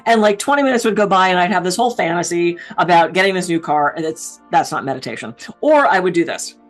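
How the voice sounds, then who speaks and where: A middle-aged woman speaks to camera about stress and meditation, her voice sitting on the low side. She tells her stories with animation, playing out her own racing thoughts. Faint music runs quietly underneath. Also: quick pace. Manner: animated storytelling, acting out her inner voice. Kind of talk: motivational talk to camera.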